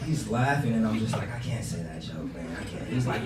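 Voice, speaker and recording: A man's voice: lowish voice, normal speed, hardly any pauses, very noisy. A young man doing open mic stand-up in a loose, laughing way with many fillers, recorded from far off in an echoey room. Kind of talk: casual chat and stand-up storytelling.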